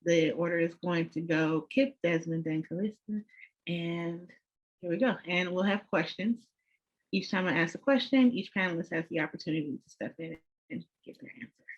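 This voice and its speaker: Panel moderator, mid-pitched voice, measured, friendly, dull lo-fi audio. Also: fairly even intonation.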